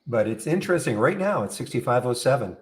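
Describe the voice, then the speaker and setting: A man giving casual live market commentary in a trading room, relaxed and hesitant, with many fillers. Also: medium pitch, fast talker.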